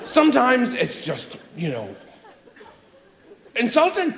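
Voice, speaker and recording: Man, middle-aged stand-up comic, high animated voice, roomy live theatre sound. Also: normal speed, slight background noise. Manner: rambling, theatrical, acts out quoted voices. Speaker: stand-up comedian. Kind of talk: stand-up comedy routine. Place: theatre stage before a laughing audience.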